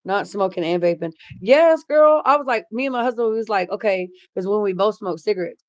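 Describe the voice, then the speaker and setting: A woman's voice: medium pitch, fast talker, no echo. Blunt, chatty woman livestreaming. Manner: blunt, swears freely, chatty. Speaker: livestream host reading chat. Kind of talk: casual livestream chat.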